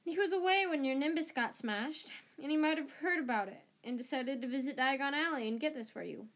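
An excitable teenage boy wizard, as a woman reader puts him on, quick-tempered and eager. The voice sits somewhat high and pushes forward with a raised, hurried energy. It comes from an amateur audiobook reading.

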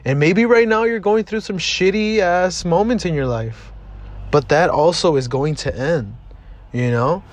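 A man's voice: a little high, a little slow. A man in his twenties from Southeast Los Angeles, hosting a podcast in a casual, motivational monologue that is blunt, heartfelt and full of swearing. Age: 20s. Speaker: podcast host.

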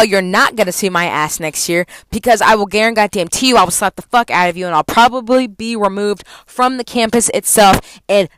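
A woman's voice: mid-range voice, a bit bright, no room sound. A young adult woman, a college student, venting in a heavily profane, heated vlog rant.

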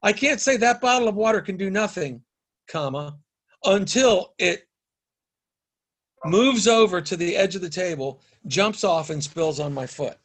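A man's voice: high voice, lively intonation, measured pace. A man, a podcast guest, talking in a casual conversational way, emphatic and repetitive as he builds his argument step by step.

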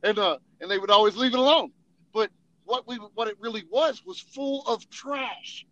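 Bright-voiced man telling army stories. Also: extremely high pitch, normal speed, dry recording, muffled recording. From Tennessee. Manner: profane, laughing, acts out voices in quotes. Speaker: army veteran storyteller. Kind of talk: casual storytelling.

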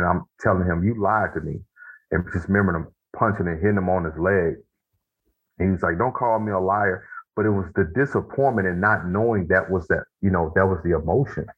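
Very deep husky man on a tinny line. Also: fairly even intonation. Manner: reflective, slow and deliberate when making a point. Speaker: guest, author of a men's journal. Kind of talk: casual heartfelt conversation.

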